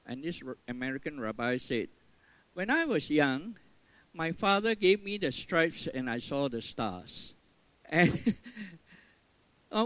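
Older guy preaching, earnest, leans hard on key words then goes soft, dry close sound. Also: mid-range voice, no echo, rough recording. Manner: earnest, emphatic on key words, drops to soft quiet tones. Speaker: pastor. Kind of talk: sermon.

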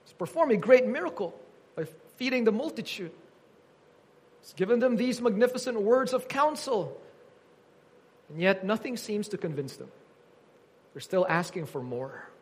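A man's voice: high-pitched, lively intonation, normal speed, long pauses, a little mellow, slightly rough. A man preaching an earnest teaching sermon, quoting scripture with emphasis.

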